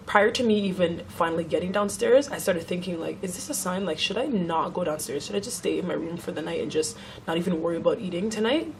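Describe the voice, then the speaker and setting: A woman's voice: on the low side, a little mellow, a little hiss or hum. A young woman vlogger telling a story in a casual chat, swearing freely and acting out what others said.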